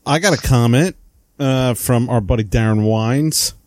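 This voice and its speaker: Joking New Jersey man, dark voice. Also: mid-range voice, measured pace, no echo. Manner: joking, rambling with many fillers. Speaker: podcast co-host. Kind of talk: casual chat.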